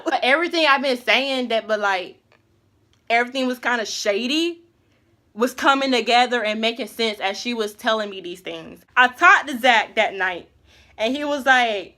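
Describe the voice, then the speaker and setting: A woman's voice: fairly high pitch, normal speed, sharp tone. A young woman telling a personal story in a casual, chatty way, with lots of filler words and slang. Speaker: vlogger.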